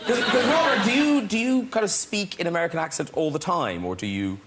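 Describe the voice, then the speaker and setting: A man hosting a talk show, putting teasing, quick questions to his guests. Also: high voice, expressive, heavy background noise. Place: TV studio. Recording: TV studio with loud audience.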